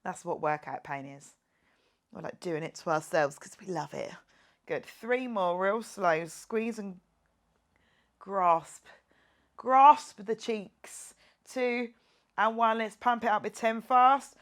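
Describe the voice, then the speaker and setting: Speaking slowly in a mid-range voice, this woman runs a guided workout class as its fitness instructor. She jokes around, calls out the rep count, and cheers on the people watching.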